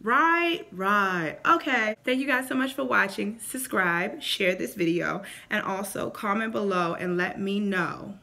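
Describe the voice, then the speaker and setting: A woman vlogging casual faith advice to camera, animated and acting out quotes in voices. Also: mid-range voice, a little slow, creaky, few pauses.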